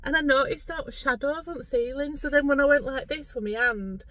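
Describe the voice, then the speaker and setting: A woman's voice: high-pitched, fairly quick, a bit bright. Middle-aged woman vlogging from her car, rambling, giggly, salty-tongued. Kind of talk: casual chat to camera. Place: parked car, driver's seat.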